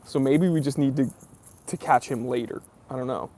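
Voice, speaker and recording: A man's voice: medium pitch, normal speed, dark tone. A young man hosting a casual live stream Q&A, reading viewer comments aloud and chatting with lots of fillers. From near New York.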